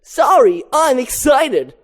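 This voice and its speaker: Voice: high-pitched, takes it slowly, pitched above the performer's own voice, exaggerated voice. A reader doing a chirpy young bee lad. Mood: excited. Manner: excitable, chirpy. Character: eager young male bee graduate.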